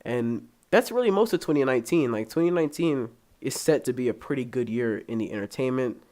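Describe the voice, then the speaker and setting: A man's voice: medium pitch, expressive, fairly quick, a little mellow. Rambling young man hosting a solo podcast. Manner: rambling, joking, casually profane. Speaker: podcast host. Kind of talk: casual solo podcast chat.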